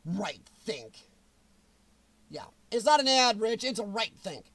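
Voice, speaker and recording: A man with a notably high voice rants on his livestream, angry and sarcastic and heavy on the profanity. He sits at his computer at home, and the sound is dry and close, with no room echo. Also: expressive, normal speed, fairly bright tone. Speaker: livestream host. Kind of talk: ranting political livestream.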